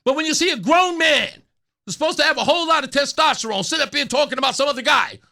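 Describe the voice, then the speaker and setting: A middle-aged man holds forth on his talk radio show in a high, bright voice that swoops up and down. He mocks opponents with sarcasm and drops into whiny put-on voices to ridicule them. His delivery is animated and opinionated. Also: fast.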